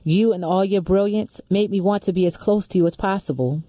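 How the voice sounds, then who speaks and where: Female talk host, mellow tone, close and dry, earnest measured reader. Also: medium pitch, no room sound. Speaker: radio show host. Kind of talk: reading a letter aloud, then discussion.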